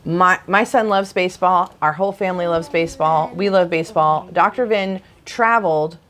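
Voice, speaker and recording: A woman's voice: fairly low pitch, normal speed. A woman chiropractor co-hosting a casual conversation with her husband, telling stories animatedly and giving blunt opinions. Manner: animated storyteller who acts out quoted relatives. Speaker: chiropractor and podcast co-host.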